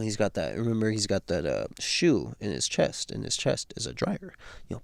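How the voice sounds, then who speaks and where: A man's voice: lowish voice, expressive, fairly quick, vocal fry, a little mellow, no room sound, clean studio sound. Laid-back, slangy man recapping a book. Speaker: book read-through host.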